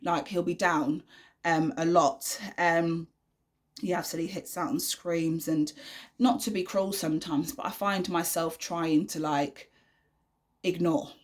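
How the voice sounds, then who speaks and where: A woman's voice: on the low side, steady tone, a little slow. A young woman talking frankly to camera from her bedroom, in a chatty, unedited vlog full of fillers and restarts. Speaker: vlogger, mother.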